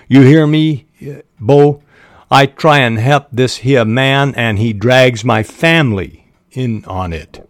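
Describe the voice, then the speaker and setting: A man's voice: mid-range voice, takes it slowly, no room sound, clean studio sound. A man reading the dialogue of a sly, menacing Southern country deputy aloud, with a Southern country accent and an emphatic drawl. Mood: indignant. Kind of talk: dramatic reading of novel dialogue.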